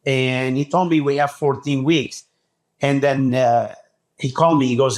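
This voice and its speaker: A man telling a story as a podcast guest, talking excitedly and acting out what people said. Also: medium pitch, moderate pace. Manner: acts out quoted dialogue, excitable. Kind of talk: animated storytelling.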